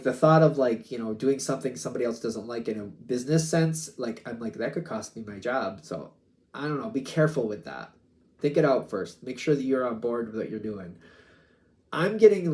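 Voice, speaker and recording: A man's voice: mid-range voice, darkish tone. A man giving a casual tarot reading, rambling and hedging with lots of filler words and disclaimers. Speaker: tarot reader.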